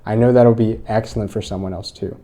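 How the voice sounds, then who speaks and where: Brisk and dark-toned, this channel host's fairly low voice holds a fairly even intonation. Offering motivational commentary, he talks earnestly to viewers and retells a story to drive home a point.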